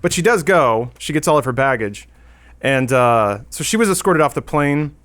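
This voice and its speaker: A man's voice: mid-range voice, lively intonation, normal speed, a bit bright. A man on a casual podcast, animatedly telling a story and acting out the people in it. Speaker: podcast regular.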